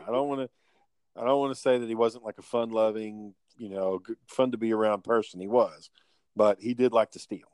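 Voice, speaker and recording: A man's voice: fairly low pitch, fairly quick, a little mellow, no echo. A man telling rambling, profane family stories in casual podcast chat.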